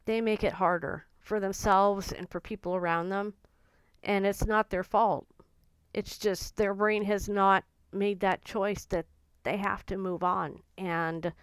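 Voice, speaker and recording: A woman vlogger talking in an earnest, gentle and confiding way about her own feelings. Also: mid-range voice, smooth, no echo. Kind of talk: personal reflective talk to camera.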